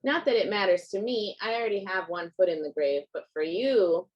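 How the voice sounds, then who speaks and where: Woman reading as a gruff old grandfather. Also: medium pitch, a little fast, dull audio, lightly acted. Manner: gruff, snapping. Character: gruff elderly grandfather, short-tempered.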